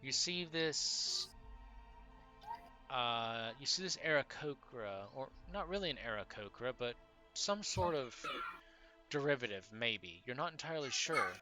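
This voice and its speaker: Game master guy narrating, very bright tone, loose and halting. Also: medium pitch, faint music behind. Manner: relaxed, halting narration with fillers.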